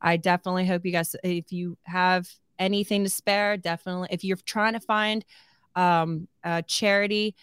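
Animated, laughing woman podcast co-host. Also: lowish voice, normal speed, clear, resonant tone, dry recording, studio quality. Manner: animated, laughs often, quotes herself and her husband. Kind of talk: casual chat.

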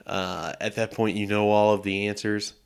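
A man's voice: on the low side, flat delivery, normal speed, clean tone. A man hosting a sports podcast, talking casually and easily with a chuckle now and then. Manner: easygoing, chuckles, many restarts. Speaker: podcast host.

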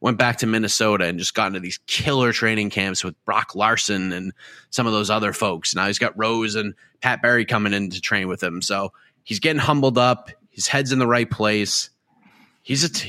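A man's voice: lowish voice, a little fast, sharp tone, no room sound. A man hosting a casual post-fight podcast, talking in a chatty, rambling way with many restarts. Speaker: host.

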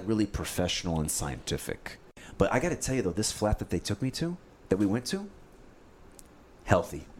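Male podcast host, casual storyteller, animated, mid-pitched. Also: a little hiss or hum. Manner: animated storyteller, acts out quotes, says "dude" often.

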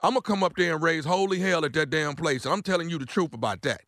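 A man's voice: a little high, fast talker, a bit bright, no room sound, clean studio sound. A man making a prank call, angry, drawling and repetitive, with cursing. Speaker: prank caller. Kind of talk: heated prank-call argument.

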